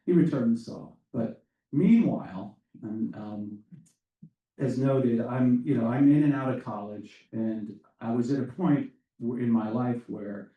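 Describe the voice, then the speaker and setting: A man in his fifties giving welcoming remarks at a conference, telling a personal story in a halting, thoughtful way. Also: medium pitch, dark tone. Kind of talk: public speech with a personal story. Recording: echoey room, voice from a distance.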